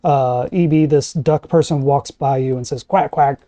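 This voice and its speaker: GM for tabletop session, male, very mellow dark tone, dry close sound. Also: medium pitch, steady tone, normal speed, dry recording. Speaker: game master. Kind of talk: narrating a tabletop game.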